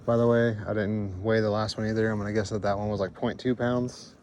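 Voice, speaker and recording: A man's voice: on the low side, fairly quick, dull audio. A man vlogging his fishing trip on a lake, giving casual, chatty commentary in an easygoing, self-deprecating way. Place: outdoors on a lake, fishing from a paddled boat. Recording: outdoor recording with steady background noise.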